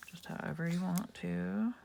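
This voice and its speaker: A woman's voice: fairly low pitch, normal speed, gravelly, dark tone, a little hiss or hum. A woman hosting a casual craft tutorial, chatting and thinking aloud as she works at home. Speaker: craft channel host.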